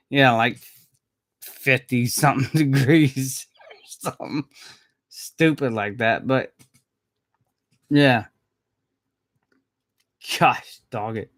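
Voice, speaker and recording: A man's voice: medium pitch, very slow, pauses often, fairly bright tone, dry recording, studio quality. A man chatting casually on a live stream with viewers, laid-back and rambling, chuckling often and swearing now and then. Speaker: maintenance worker streaming live. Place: Jacksonville.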